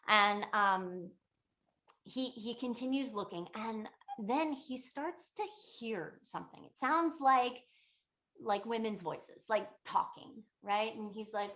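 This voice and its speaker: A woman's voice: on the high side, slow. Give me a chatty woman teacher casually retelling an old legend. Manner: chatty, lots of "like" and fillers, lively retelling. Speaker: yoga and meditation teacher. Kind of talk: casual spoken storytelling.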